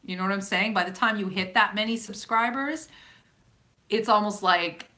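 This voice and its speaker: A woman with a Calgary, Alberta accent chats casually on a live stream as a YouTuber answering viewer comments. Her mid-range voice is bright and forceful at a normal speed, and she rambles, often cutting herself off mid-sentence.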